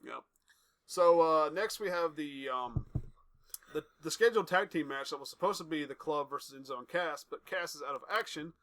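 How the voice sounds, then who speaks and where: Speaking at a normal speed, this young man's voice is on the high side with a fairly bright tone. He co-hosts a podcast, chatting casually and retelling wrestling segments in a rambling, quote-performing way.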